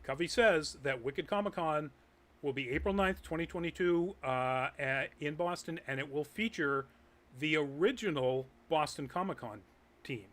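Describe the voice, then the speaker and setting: Chatty man hosting, fairly high voice. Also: normal speed, a bit bright. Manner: chatty, many ums and uhs. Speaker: host of a live nerd news show. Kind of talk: casual chat reading news and chat comments. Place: Massachusetts.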